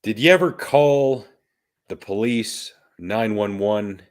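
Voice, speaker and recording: Taking things slowly in a lowish voice, a Canadian podcast co-host chats easily and meanders through his stories.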